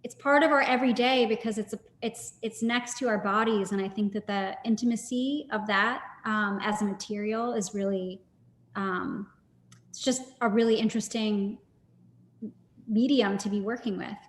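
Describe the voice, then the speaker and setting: A woman's voice: medium pitch, fairly even intonation, moderate pace. A woman, a gallerist, speaking thoughtfully and hesitantly in a live-streamed video conversation. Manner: thoughtful, hesitant, with many fillers. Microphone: video call. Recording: echoey room with long reverb.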